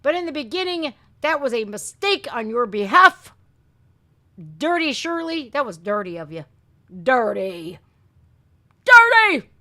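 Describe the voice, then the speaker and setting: A brash, excitable middle-aged woman runs a live reaction stream. Her voice sits high and swings widely in pitch, and it sounds bright and sharp. She talks at an unhurried pace over faint music in the background. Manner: loud, brash and excitable, shouting and laughing.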